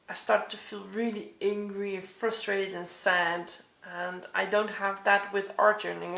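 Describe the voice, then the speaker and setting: A woman giving a reflective commentary as she flips through her art journal, soft-spoken and hesitant, with many ums and restarts. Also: mid-range voice, echoey room.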